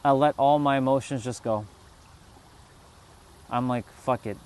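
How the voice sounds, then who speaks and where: A man's voice: mid-range voice, fairly even intonation, a little slow, a little mellow, clear, resonant tone. A man hosting a livestream outdoors, talking casually and with swearing about the mind and inner resistance, and reading the chat as he goes. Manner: casual, profane, storytelling. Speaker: livestream host. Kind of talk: spiritual talk to a live chat. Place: outdoors, sitting on a rock.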